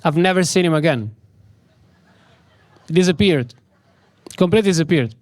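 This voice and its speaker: A man with a somewhat high voice gives a spiritual talk, pacing his words slowly and leaning on repeated phrases for emphasis. The sound is dry and close, with little room around it. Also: lively intonation, darkish tone, no room sound. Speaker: swami giving a spiritual talk.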